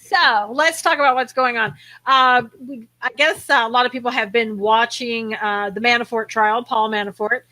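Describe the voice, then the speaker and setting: Bright-voiced woman hosting a chatty show. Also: a little high, steady tone, moderate pace. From American South. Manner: chatty, laughs often, greets viewers by name. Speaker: co-host of a live political talk show. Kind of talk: casual chat.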